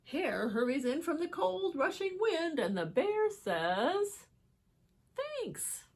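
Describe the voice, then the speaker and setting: A woman reading picture books aloud to children, expressive, with chatty asides to her young viewers. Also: high-pitched, slow pace. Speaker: children's book reader. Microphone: holds book up to camera.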